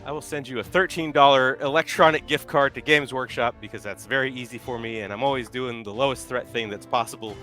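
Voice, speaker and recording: A man's voice: medium pitch, steady tone, fast, few pauses, sharp tone, soft background music. A man hosting a casual live stream, reading viewer chat and redemptions aloud in an upbeat way. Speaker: stream host.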